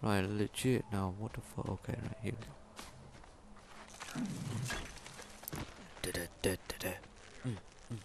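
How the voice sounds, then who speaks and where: Swearing gamer man yelling at his game. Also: on the low side, a little slow, vocal fry, pauses often, noisy background. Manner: swears constantly, yells at enemies. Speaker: gameplay commentator. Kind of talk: let's play commentary.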